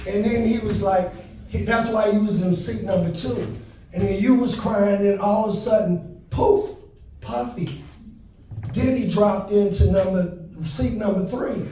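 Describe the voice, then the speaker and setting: A man doing a stand-up comedy set, telling a story with animated delivery and panicked shouted bits. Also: sits high, unhurried. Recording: echoey venue heard from a distance.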